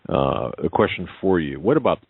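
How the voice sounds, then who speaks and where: A man with a deep voice hosts a talk radio program. His speech halts and restarts often as he questions his guest. The sound is narrow and tinny, like a phone line. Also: sing-song, gravelly, breathy edge, dry recording. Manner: halting, many restarts. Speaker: radio show host. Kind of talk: radio talk show interview.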